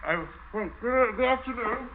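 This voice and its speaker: A stammering, terrified captain. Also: male voice, very high-pitched, expressive, moderate pace. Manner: stammering, shaken. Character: frightened, stammering male captain forced to help. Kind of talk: 1940s radio drama acting. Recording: dull, faintly hissy old radio broadcast.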